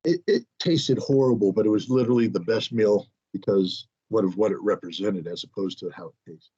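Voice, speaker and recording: Husky American man telling a story. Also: on the low side, a little fast, warm tone. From United States. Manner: rambling, self-deprecating storyteller with restarts. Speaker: guest. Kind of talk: telling an anecdote in an interview. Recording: dull lo-fi sound.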